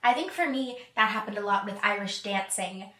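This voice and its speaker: A woman guest answers questions in a thoughtful, earnest way during a relaxed conversation. Her voice echoes in a roomy space. The mic sits at some distance from her. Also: medium pitch, brisk. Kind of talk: casual chat.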